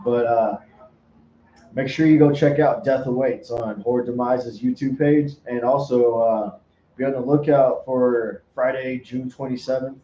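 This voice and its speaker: A man hosting a podcast, telling a story in an animated way, laughing often and swearing in casual chat. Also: mid-range voice, measured pace, a little hiss or hum. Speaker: podcast host. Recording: roomy, muffled sound.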